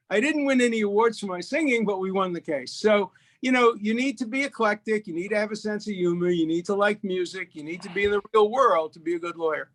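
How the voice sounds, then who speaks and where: A man in his eighties from Brooklyn, a guest telling jokes and stories in a lively, punchy way. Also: high voice, normal speed. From Brooklyn, USA. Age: 80s. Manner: lively raconteur, punchy delivery. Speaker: guest, lawyer. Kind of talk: animated storytelling, joke-telling chat.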